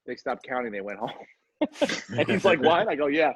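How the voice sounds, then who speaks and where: A man's voice: medium pitch, sing-song, moderate pace, slightly rough, dry recording. A man in his forties hosting a podcast in casual chat, rambling and profane with self-deprecating asides. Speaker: podcast host.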